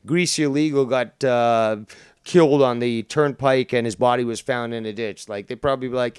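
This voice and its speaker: A man's voice: medium pitch, fairly even intonation, normal speed, clean tone, dry recording, studio quality. A man hosting a casual online show, sarcastic and profane, joking about the people he discusses. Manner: profane, sarcastic, laughs at insults. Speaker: host. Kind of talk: casual crude drama chat.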